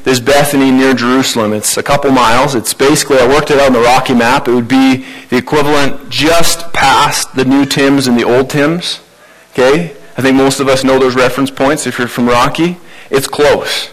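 A man's voice: mid-range voice, fairly even intonation, normal speed, a bit bright, rough recording. Conversational male pastor. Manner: conversational, informal preaching with fillers. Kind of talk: sermon.

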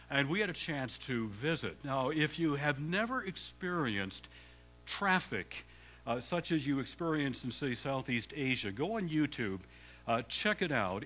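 An older man from Canada, a guest preacher who opens his sermon by joking with the congregation. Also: a little high. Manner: warm joking banter with the congregation. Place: church sanctuary.

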